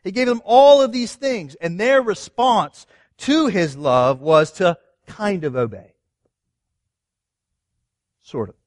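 A man's voice: sits high, expressive, slow pace, pauses often, no room sound, studio quality. A man preaching a sermon, reading scripture and asking his listeners earnest rhetorical questions. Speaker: pastor.

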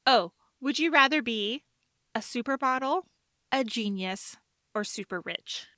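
Giggly animated woman, bright voice. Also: a little high, measured pace, no echo. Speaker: podcast co-host. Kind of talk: casual chat.

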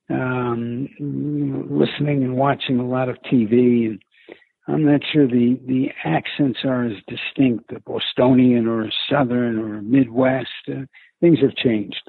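A man's voice: mid-range voice, vocal fry, husky, dry recording. A man with a New York accent, a sports broadcaster answering interview questions in a chatty, reflective way with many fillers. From Brooklyn, New York. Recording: tinny phone-line sound, dry.

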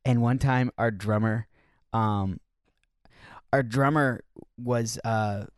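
A man's voice: mid-range voice, fairly even intonation, takes it slowly, smooth, dry recording, clean studio sound. A man telling touring stories in casual chat, rambling with lots of fillers. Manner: rambling with many fillers and restarts.

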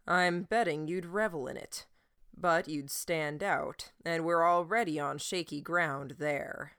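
Woman voicing a calm, firm teenage boy. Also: deep voice, takes it slowly, clean tone, no room sound, studio quality, exaggerated voice. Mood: matter-of-fact. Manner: level, matter-of-fact.

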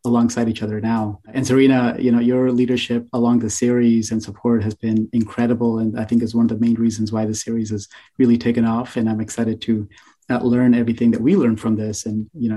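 Mellow, flat-toned male podcast host. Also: medium pitch. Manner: earnest, grateful, even-toned. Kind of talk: casual interview chat.

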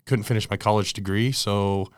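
A man's voice: on the low side, steady tone, moderate pace, clean tone, dry recording, clean studio sound. An American man in his forties, a guest in an interview, telling stories in a chatty way with laughs. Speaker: guest, product manager. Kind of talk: casual interview storytelling.

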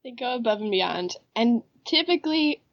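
A woman's voice: fairly high pitch, expressive, moderate pace, vocal fry, highs cut off. A woman co-hosting a podcast in casual chat, upbeat and eager, with a head cold that makes her voice nasal. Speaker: podcast co-host.

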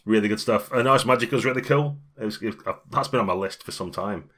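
Very deep-voiced British man chatting. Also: quick pace, pushed and bright. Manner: chatty, rambling, laughs often. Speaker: podcast co-host. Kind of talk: casual podcast chat.

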